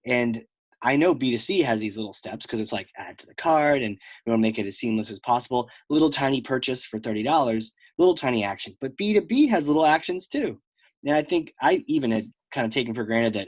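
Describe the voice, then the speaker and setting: A man's voice: medium pitch, lively intonation, fast talker, no room sound. A man hosting a marketing podcast, chatting casually and joking around with his guest. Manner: jokey, playful, breaks into mock voices. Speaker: podcast host. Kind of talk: casual interview chat.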